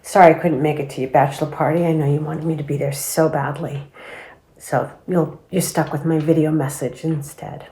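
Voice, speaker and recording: A woman's voice: sits low, little pitch movement, normal speed, warm tone. A middle-aged mother recording a fond, teasing video message for her son. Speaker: mother of the groom. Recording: roomy echo.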